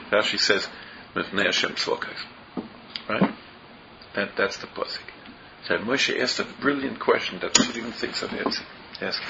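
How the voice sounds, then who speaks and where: Man teaching a Torah class, gravelly. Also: medium pitch. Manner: mixes Hebrew and Yiddish terms into English, asks rhetorical questions. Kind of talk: Torah class explaining verses. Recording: dull lo-fi recording with faint noise.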